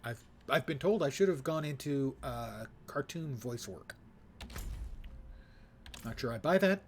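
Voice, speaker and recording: A man's voice: medium pitch, animated, a little slow, slight background noise. An American man streaming a game, chatting casually with rambling asides and frequent self-corrections. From United States. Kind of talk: casual gameplay chat.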